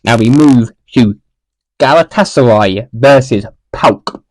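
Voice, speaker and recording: A man's voice: medium pitch, slow pace, a little mellow. A man giving casual, unscripted football predictions, rambling, correcting himself and repeating phrases as he goes. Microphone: mic for home recording.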